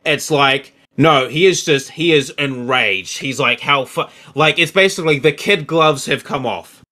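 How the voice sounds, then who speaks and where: A man's voice: fairly high pitch, unhurried, pushed and bright. A man in a casual anime discussion, joking and emphatic, swearing freely.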